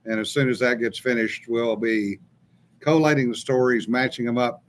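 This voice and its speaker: A man's voice: medium pitch, fairly even intonation, normal speed. Man telling a story casually. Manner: storytelling, drawling, laughs often. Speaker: co-host. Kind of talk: casual chat, reading live comments.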